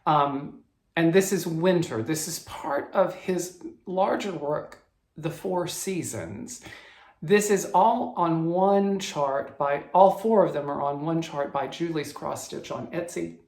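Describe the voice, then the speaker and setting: A man's voice: fairly high pitch, a little mellow. A man with a Southern US accent, chatting casually about his cross-stitch projects, stopping and restarting his sentences often. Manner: halting, with frequent restarts and self-corrections. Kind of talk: casual show-and-tell chat. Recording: roomy echo.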